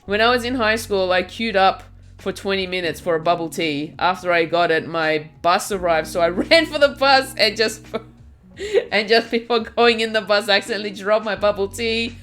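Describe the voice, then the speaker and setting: A woman's voice: mid-range voice, normal speed. A woman streamer chatting casually with her viewers while she knits, giggling often and reading their names aloud. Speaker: craft streamer. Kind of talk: casual chat while knitting. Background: soft music.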